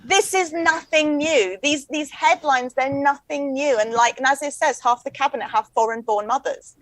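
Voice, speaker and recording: Comedian woman in her 40s, wry quick jokes, highish voice, dry close sound. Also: dry recording, low-quality recording. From England. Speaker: comedian guest. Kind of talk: casual chat.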